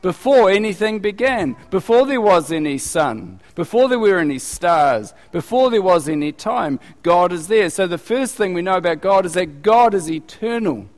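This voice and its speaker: A male preacher giving a conversational, animated sermon with acted asides. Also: high voice, normal speed, few pauses, big-room sound.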